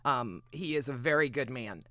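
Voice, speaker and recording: Excitable, swearing woman streamer. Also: a bass voice, normal speed, no room sound, studio quality. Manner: excitable, rambling and profane. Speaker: livestream host. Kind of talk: casual stream chat.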